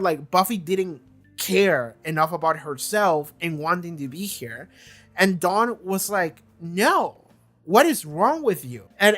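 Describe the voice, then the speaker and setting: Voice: medium pitch, fairly bright tone. A young adult host talking through a TV season in a rambling, casual review, repeating words and filling with "like".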